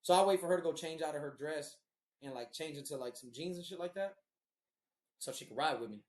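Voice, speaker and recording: A man's voice: on the high side, a little fast, a little mellow. A man hosting a podcast, telling a long story in a casual, rambling and profane way. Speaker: podcast host. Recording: roomy echo.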